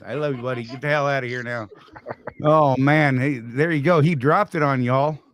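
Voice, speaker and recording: A man's voice: mid-range voice, moderate pace, fairly bright tone. An older man co-hosting a casual live stream, joking, teasing and greeting viewers by name.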